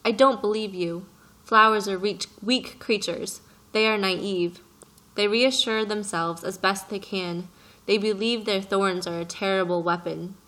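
A woman's voice: medium pitch, fairly even intonation, measured pace, a bit bright, lightly acted. A woman voicing an earnest little boy prince who presses his questions with passion in an audiobook reading. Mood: indignant. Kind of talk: audiobook character voice.

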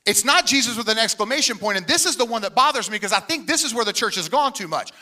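A man's voice: very high-pitched, animated, fast talker, sharp tone. A middle-aged male pastor preaching a sermon with energy and humor, often quoting people in put-on voices.

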